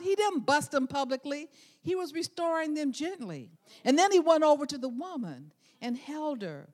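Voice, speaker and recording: A woman preaching a sermon, earnest and emphatic, repeating her key words, in a church. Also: sits high. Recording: long hall reverb.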